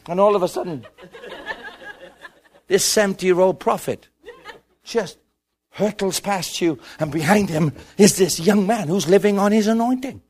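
A man with an Irish accent preaching a sermon, acting out a story with lively dialogue and building to shouts. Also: high voice, normal speed, pauses often, slightly rough.

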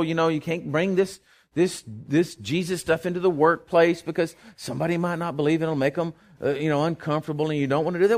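Animated preacher, high and lively. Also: male voice, fast. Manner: animated preaching with sudden loud bursts and call-and-response asides; folksy, joking asides. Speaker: pastor. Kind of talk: sermon.

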